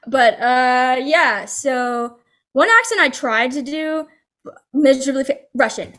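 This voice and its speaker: Young woman guest, high voice, chatty and expressive, over a video call. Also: slow. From New Jersey, USA. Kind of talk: casual interview chat.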